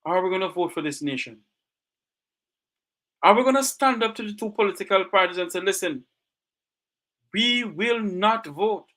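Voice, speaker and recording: A Jamaican man hosts a talk show, delivering an emotional monologue while close to tears. His high, fairly bright voice is brisk with long pauses as he speaks passionately and poses rhetorical questions.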